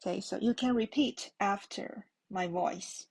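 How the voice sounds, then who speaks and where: A woman's voice: medium pitch, measured pace, gravelly, a little mellow, slightly rough, poor audio. A woman with a Chinese accent teaching a language lesson, patiently repeating words for learners. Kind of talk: slow classroom lesson.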